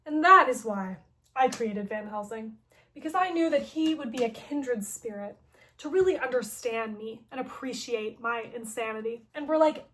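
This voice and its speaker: A young woman with a fairly high voice recaps a story-driven game for her channel. She talks in a chatty, playful rush and leans on "like" constantly. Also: normal speed. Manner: chatty, heavy use of "like", playful and expressive. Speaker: gaming vlogger.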